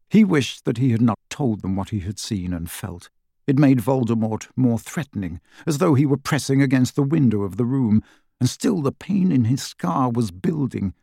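Measured male audiobook narrator. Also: mid-range voice, animated, creaky, mellow, dry recording, studio quality. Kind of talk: scripted narration.

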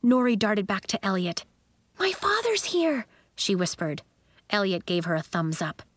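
A woman narrating a children's story in an expressive storytelling manner. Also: lowish voice, moderate pace, no room sound. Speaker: audiobook narrator.

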